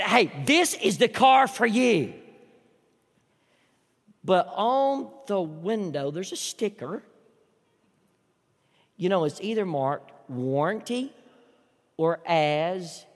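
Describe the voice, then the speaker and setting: A middle-aged male pastor with a high voice delivers a sermon, unhurried and deliberate. He drops to hushed, slow intimate passages, then rises into loud, emphatic storytelling. The sound rings with the long reverb of a large church hall. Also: big pitch swings, gravelly.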